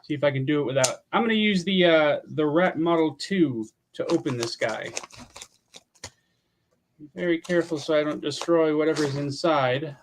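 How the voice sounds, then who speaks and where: A man's voice: on the high side, moderate pace, slight background noise. A man around fifty from Pennsylvania, hosting a casual livestream at home and chatting in a laid-back way that includes casual swearing. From Pennsylvania, USA. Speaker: livestream host.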